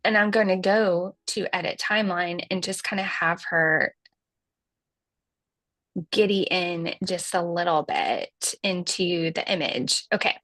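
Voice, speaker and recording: A woman in her thirties with a light Southern accent, hosting a casual software tutorial in a chatty, folksy way. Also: fairly low pitch, measured pace, dry recording. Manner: chatty and folksy, says y'all, laughs at herself. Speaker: livestream host demonstrating software.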